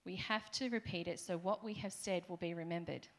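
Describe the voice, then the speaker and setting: Speaking fairly quickly in a lowish voice, this middle-aged woman with an Australian accent delivers a chatty sermon in a church hall. She throws playful remarks to the congregation along the way.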